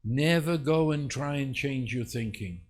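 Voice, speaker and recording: A man preaching in an online Bible teaching, earnest and unhurried, rising into emphatic bursts. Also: mid-range voice.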